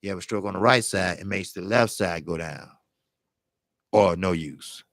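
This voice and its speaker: A man with a lowish, gravelly voice hosts a boxing channel in loose live-stream chat. He is earnest and blunt, hammering points home by saying them again. The sound is close and dry. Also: moderate pace, a bit bright, no room sound. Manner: earnest and blunt, repeats himself for emphasis. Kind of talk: casual live-stream commentary.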